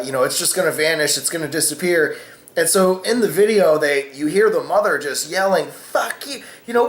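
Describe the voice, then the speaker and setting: A man's voice: fairly high pitch, fairly bright tone, reverberant. A man hosting a casual opinion vlog, rambling with many fillers and cussing freely. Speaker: vlogger host.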